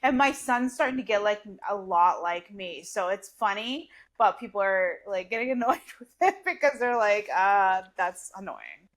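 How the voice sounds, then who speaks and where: A woman's voice: medium pitch, animated, moderate pace, hardly any pauses. Giggly chatty woman co-hosting a podcast. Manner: chatty, giggly, many "like" and "um" fillers. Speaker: podcast co-host. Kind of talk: casual chat.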